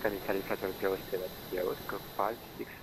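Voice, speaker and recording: A man with a French accent working as an air traffic controller, giving hesitant, filler-filled radio clearances. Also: low voice, fairly even intonation, rough recording. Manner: hesitant, full of fillers, quick delivery. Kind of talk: radio ATC phraseology.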